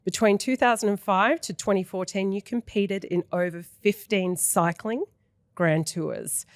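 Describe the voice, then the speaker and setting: A woman's voice: medium pitch, a little slow, no echo. A woman in her thirties hosting a podcast in a studio, talking in an effusive, emotional way with casual swearing. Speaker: podcast host. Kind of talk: casual interview chat.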